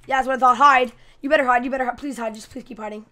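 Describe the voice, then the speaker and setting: A high-pitched woman giving gameplay commentary as a channel host. She talks in an excitable, chatty way and trash-talks her opponents playfully. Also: very fast.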